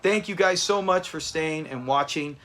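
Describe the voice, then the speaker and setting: A man's voice: fairly high pitch, moderate pace, a bit bright, a little hiss or hum. A man hosting a live watch party, chatting casually with viewers and thanking them by name. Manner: chatty, reads out viewer names, restarts often.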